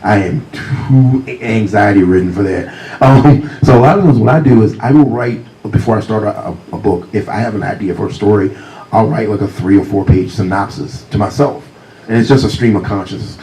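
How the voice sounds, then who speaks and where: A man with a deep voice telling humorous anecdotes as a guest author at a library talk, speaking close to a handheld mic. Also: a little fast, poor audio. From Virginia, USA. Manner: warm, humorous anecdotes, often laughing. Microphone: handheld mic close to mouth.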